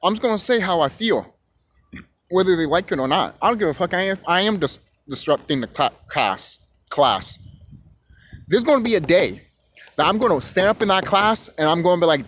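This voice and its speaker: A man's voice: high-pitched, animated, moderate pace, a bit bright, a little hiss or hum. A young man ranting to camera, rambling, repeating himself and cursing freely. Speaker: vlogger. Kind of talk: profane rant to camera.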